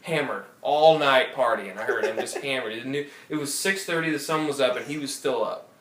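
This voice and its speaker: A man's voice: medium pitch, a little fast, fairly bright tone, far from the mic. Man telling a rambling story. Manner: rambling anecdotes with profanity and restarts. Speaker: podcast co-host. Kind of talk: casual chat, storytelling. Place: apartment room. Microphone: phone or tablet recording. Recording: roomy audio from off-mic.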